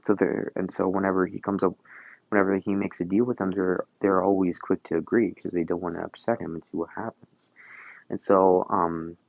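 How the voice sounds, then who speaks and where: Casual male storyteller, rambling with fillers, low voice, dry dull sound. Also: gravelly, no echo. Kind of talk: casual fan-story retelling.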